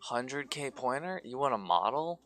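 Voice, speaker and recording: A man chatting casually with viewers on a live stream while he paints miniatures. He is sleepy and slurs his words, talking in a relaxed, rambling way. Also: mid-range voice, normal speed.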